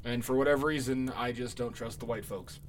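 A man's voice: mid-range voice, fairly quick, slight background noise. Profane, offhand male podcast host. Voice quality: profane, offhand, dismissive asides. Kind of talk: casual chat.

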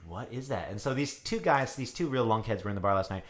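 Lively laughing man in casual chat. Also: on the low side, quick pace. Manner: animated storyteller, laughs often. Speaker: podcast co-host.

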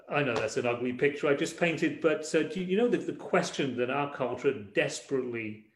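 A man's voice: medium pitch, a little mellow. A male pastor preaches in an easygoing, conversational way, circling back on his words as he thinks aloud. His voice sits in a middle register. It echoes around a roomy church hall. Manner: conversational, repeats words while searching. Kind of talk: sermon.

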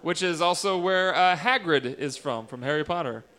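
A man co-hosting a casual comedy interview, throwing in quick jokes and asides. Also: a little high, pushed and bright.

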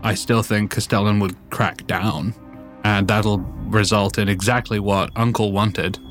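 A man playing a tabletop game, strategizing in an animated way. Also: fairly low pitch, unhurried, soft background music. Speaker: player. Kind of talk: casual tabletop play.

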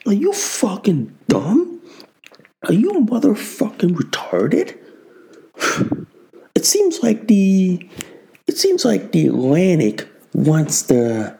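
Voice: medium pitch, mellow. A show host delivering an angry, profane political commentary monologue, repeating lines as they rant. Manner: profane, ranting, repetitive. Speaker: podcast host.

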